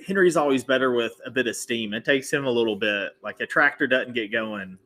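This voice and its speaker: A man's voice: medium pitch, brisk. A man, a firefighter by trade, watching a football game with a friend and chatting about the plays. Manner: animated, questioning football analysis. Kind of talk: casual sports chat.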